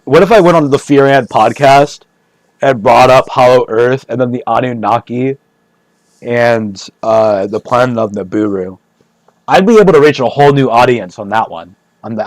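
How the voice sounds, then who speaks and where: A man's voice: mid-range voice, moderate pace, no echo. Guy rambling on stream, swears a lot, laughs at his own bits, dry close sound. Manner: joking, rambling, repeats himself, laughs often; profane. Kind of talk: rambling casual chat.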